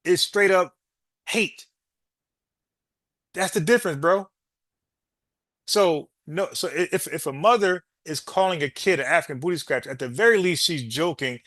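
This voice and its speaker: A man's voice: a little high, normal speed, pauses often, a bit bright, dry recording. Dry-voiced man hosting a heated call-in. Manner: argumentative, repeats points, talks to caller as bro. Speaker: podcast host.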